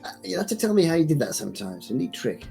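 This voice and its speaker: A man speaking as a player in a tabletop game, talking haltingly with restarts. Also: fairly high pitch, very animated, vocal fry, mellow, faint music behind. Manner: halting, stumbling speech with laughs. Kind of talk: casual tabletop play.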